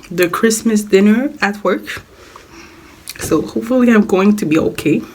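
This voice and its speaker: Hoarse, coughing young woman. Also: mid-range voice, darkish tone, a little hiss or hum. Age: young adult. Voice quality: raspy, smoker-like voice. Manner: rambling, repeats words, apologizes. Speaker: vlogger. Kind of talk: casual life-update vlog.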